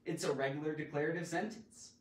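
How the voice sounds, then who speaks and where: A man hosting a playful live-streamed grammar lesson, theatrical and full of sudden loud exclamations. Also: fairly high pitch, steady tone, a little fast. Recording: roomy echo, mic at a distance.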